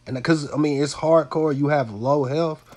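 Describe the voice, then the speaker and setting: A man's voice: fairly high pitch, steady tone, normal speed, a little mellow. A man with a nasal, congested voice, a bit under the weather, giving loose, rambling commentary over his gameplay with lots of fillers and repeated words. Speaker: gaming channel host.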